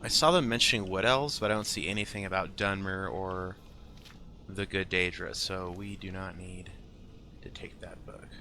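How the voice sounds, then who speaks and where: A man's voice: deep voice, steady tone, sharp tone, a little hiss or hum. A man talking casually through his own gameplay as channel host, musing aloud and often dropping to a whisper to read names. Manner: slow, musing, often drops to a whisper while reading.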